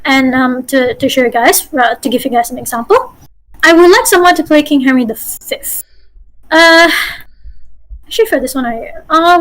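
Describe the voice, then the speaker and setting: A woman's voice: high-pitched, fairly bright tone, low-quality recording. A woman game master giving a chatty online voice-acting workshop over a video call. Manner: chatty, with apologies and restarts.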